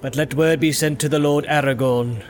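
A stately old king who speaks in formal, measured tones, as a male narrator puts him on. He is gracious and unhurried. This is an audiobook voice. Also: on the high side, steady tone, faint music behind, close to an everyday voice.

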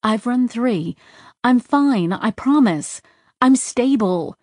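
A woman narrator voicing an artificial girl who answers in a steady, soothing, evasive way. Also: on the high side, slow pace, no room sound, studio quality, voice pushed up. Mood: calm reassuring.

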